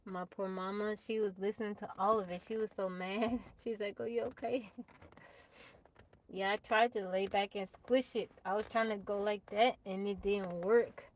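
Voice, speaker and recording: A woman's voice: mid-range voice, fairly even intonation, normal speed, low-quality recording. A woman chatting casually on a live stream, laughing often and talking straight to her viewers. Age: adult, mother of a child. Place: tiny house off the grid.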